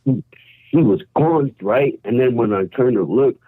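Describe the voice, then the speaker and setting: A man from New York calling in by phone and telling a story in animated slang, often saying "bro" and "yo". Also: medium pitch, measured pace, no room sound. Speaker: caller. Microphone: phone call. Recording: tinny phone line.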